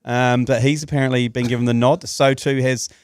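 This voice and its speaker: A man's voice: mid-range voice, little pitch movement, a little fast, clean tone, no echo, studio quality. A man, co-hosting casual banter in a rambling, teasing way with plenty of ums. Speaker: podcast co-host.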